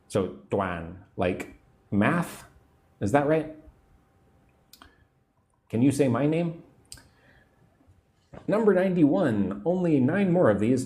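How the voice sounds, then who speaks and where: An American man in his forties teaching English on a livestream, slowly repeating phrases and drilling pronunciation. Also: mid-range voice, mellow. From United States. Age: 40s. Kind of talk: livestream English lesson, reading viewer comments.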